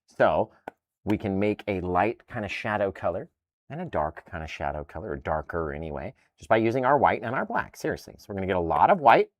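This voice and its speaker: Lively, low-voiced male painting teacher. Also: fairly quick, no echo. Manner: upbeat, animated, tags lines with "right?". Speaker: painting instructor. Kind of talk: live painting tutorial.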